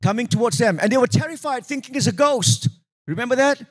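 Man, preacher, high voice, animated sermon storytelling, calls for congregation responses. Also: fast, husky. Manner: animated storytelling, acting out quoted voices, sudden pitch jumps.

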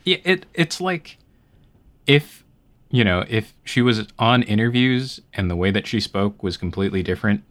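Man, low voice, Midwestern American accent, podcast co-host, blunt casual chat, lots of swearing. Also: normal speed. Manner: blunt and emphatic, heavy swearing.

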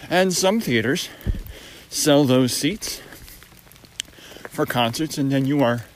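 Slow, chatty man with wry asides. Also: mid-range voice, animated, slight background noise, rough recording. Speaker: podcast host. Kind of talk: casual solo podcast.

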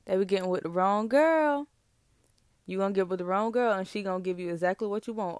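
A young woman rants about relationships in a casual, sassy and emphatic way. Her voice sits at a middling pitch, and she is recorded dry and close. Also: brisk, clean tone, dry recording. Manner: sassy, animated, emphatic with laughs. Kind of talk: casual relationship rant to camera.

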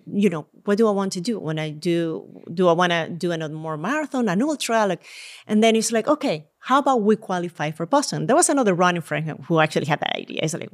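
Laughing woman guest in casual chat. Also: lowish voice. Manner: laughs often, relaxed storytelling. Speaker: guest runner.

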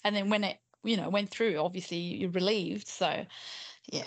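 A woman chatting as a guest on a podcast, recounting events excitedly and quoting herself with loud exclamations. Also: medium pitch, normal speed. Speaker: intended mother, podcast guest. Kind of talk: casual podcast chat.

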